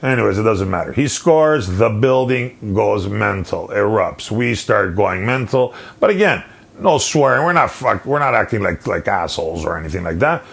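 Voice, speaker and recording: A male podcast host telling an animated, profane story in a solo rant. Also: lowish voice, gravelly.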